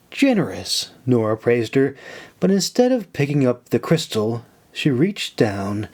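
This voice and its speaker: Male audiobook narrator, mid pitch, slow and measured, steady read. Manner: measured, unhurried reading.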